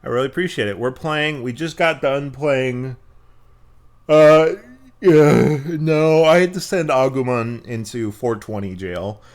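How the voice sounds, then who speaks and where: A young man streaming a game live, cursing and yelling at it between quieter chat with viewers. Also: mid-range voice, a little slow. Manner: profane, yelling at the game, lively swings. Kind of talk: live gameplay commentary.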